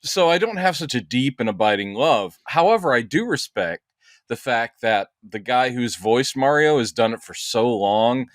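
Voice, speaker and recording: A man's voice: mid-range voice, lively intonation, moderate pace, no echo. Rambling man with a dry, close sound. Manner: rambling, with many fillers and restarts. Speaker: podcast co-host. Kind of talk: casual chat.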